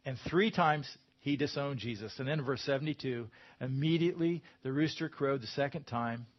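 A man's voice: medium pitch, normal speed, muffled recording. A man preaching a sermon in a conversational way, with emphatic bursts when he quotes scripture.

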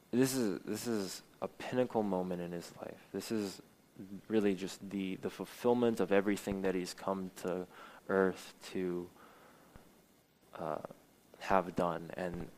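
A man's voice: low voice, darkish tone, rough recording. A young man preaching a sermon and reading scripture aloud, earnest, with many fillers and restarts.

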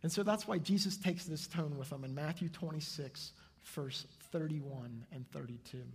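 Male pastor, sermon. Husky, fairly high, earnest, long hall reverb. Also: normal speed. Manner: earnest, shifts between soft and loud.

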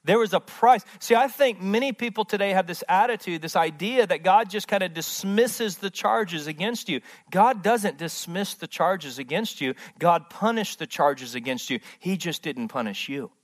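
A man preaching a sermon in a church as pastor, impassioned and repetitive, swinging from loud emphasis to hushed tones. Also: sits high, lively intonation, moderate pace, hardly any pauses. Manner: repeats words, restarts phrases.

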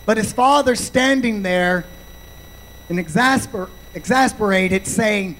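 A male pastor preaching a sermon, slow and deliberate, punctuating points with amens. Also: high voice, a bit bright, low-quality recording.

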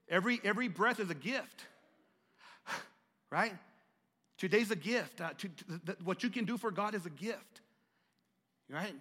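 Unhurried and pausing often, a middle-aged pastor delivers a sermon, stuttering and repeating words as he works past them. The high, bright voice swings from near-whispers to loud, emphatic calls, and each phrase echoes with long reverb in a big church hall.

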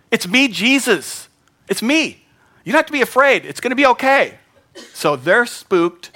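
A middle-aged pastor with a bright, forceful voice, preaching in an earnest, conversational way. His delivery keeps rising into emphatic bursts. His voice sits at an ordinary male pitch. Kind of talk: sermon.

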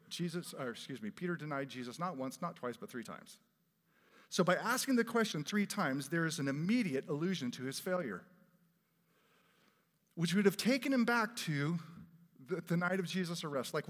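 A man preaching a sermon in a conversational, expressive way, his voice swelling for emphasis. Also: a little high. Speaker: pastor. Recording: long reverb of a large hall.

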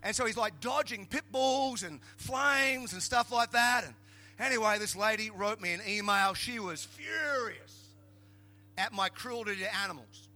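A middle-aged Australian pastor delivers a humorous sermon in a high-sitting, slightly slow voice. He tells jokey stories animatedly, building up to emphatic shouts.

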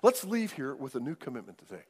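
A man preaching a sermon as pastor, emphatic, swinging widely in loudness and pace. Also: mid-range voice, huge pitch swings, fast talker, slightly rough. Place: church sanctuary. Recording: long hall reverb.

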